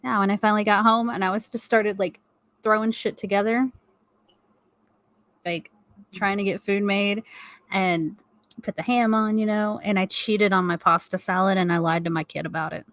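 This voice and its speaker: A middle-aged woman co-hosting a live stream from home, spilling a story with plenty of swearing and quick laughs. Her voice sits at an ordinary pitch and sounds close and dry, with no room around it. She is animated and blunt throughout. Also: dry recording. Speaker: co-host of a live stream chat. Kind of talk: casual profane storytelling.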